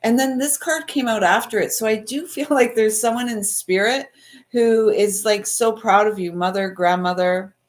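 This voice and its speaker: A woman's voice: a little high, moderate pace. A woman in her fifties from Canada hosts a live card reading. She talks in a gushing, wandering way and keeps circling back to her feelings, with fillers and trailing thoughts. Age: 50s. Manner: gushing, meandering, emotional. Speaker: intuitive card reader, livestream host.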